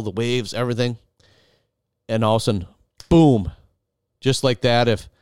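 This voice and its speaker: A man's voice: fairly low pitch, clean tone, dry recording, clean studio sound. A man hosting, animatedly retelling a dramatic story to his wife with many restarts. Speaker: podcast host.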